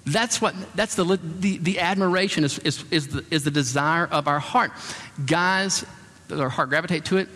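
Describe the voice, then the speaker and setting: A man's voice: a little high, normal speed. A man preaching as a pastor, telling stories and acting out the voices of the people he quotes. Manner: animated, acts out quoted voices. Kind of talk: sermon with storytelling. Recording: long hall reverb.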